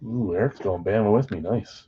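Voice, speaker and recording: A man's voice: fairly low pitch, normal speed, a little hiss or hum. Chatty man hosting a live card stream. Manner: chatty, counts down excitedly, reads viewer chat. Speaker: live card break host. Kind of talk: casual live-stream chat. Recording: slightly dull lo-fi stream audio.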